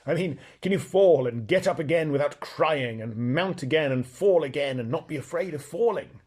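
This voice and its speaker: A man reading aloud, voicing a proud and blunt talking male horse who lectures in a brisk, scornful way. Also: fairly high pitch, lively intonation, darkish tone, husky.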